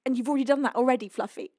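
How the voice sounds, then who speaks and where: A woman's voice: high voice, fast, mellow, no echo, studio quality. A young British woman hosting a music livestream, reading out donations in a casual, emotional way while laughing and crying. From United Kingdom. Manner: emotional, breathless, laughing through tears. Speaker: livestream singer and host.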